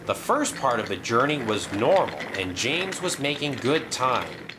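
A man narrating a children's train story in a lively storybook style. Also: medium pitch, unhurried, noisy background.

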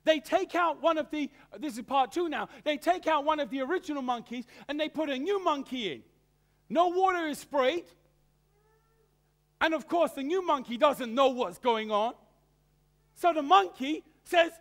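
High-voiced man preaching a sermon. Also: unhurried. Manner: animated storytelling with stammered repeats.

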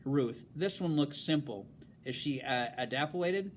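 A man's voice: on the high side, expressive, measured pace, a little hiss or hum. A man reading aloud and voicing a stern, haughty colonial mistress who gives clipped, cold orders. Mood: cold, commanding.

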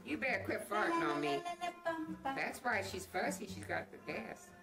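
Woman, low and animated, playful teasing, music in the background. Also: normal speed, vocal fry. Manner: teasing, playful family banter.

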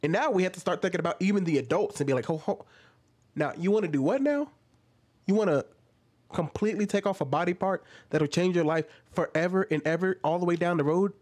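High-pitched and quick, a man offers offhand commentary while reacting to a video. Incredulity drives it: rhetorical question after rhetorical question, plus animated asides where he mimics what he's seeing.

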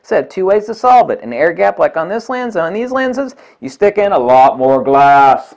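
A man's voice: high-pitched, very animated, moderate pace, hardly any pauses, a little mellow. A man reviewing camera lenses in a vlog, blunt and combative, swearing often and repeating points for emphasis. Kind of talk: ranting product review vlog.

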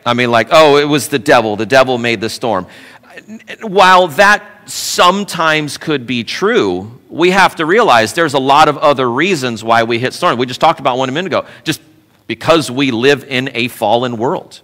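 A man preaching a sermon as pastor, animated and conversational with playful asides. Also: medium pitch, moderate pace, in a large hall. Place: church sanctuary.

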